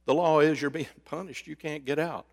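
A man preaching a sermon, swinging between loud emphasis and hushed, drawn-out words. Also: fairly high pitch, fairly even intonation, vocal fry. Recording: reverberant hall.

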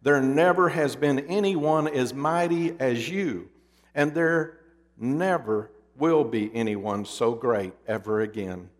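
A man's voice: mid-range voice, takes it slowly, lightly acted. A preacher voicing fawning royal courtiers who heap gushing praise on their king, heard with a long hall reverb.

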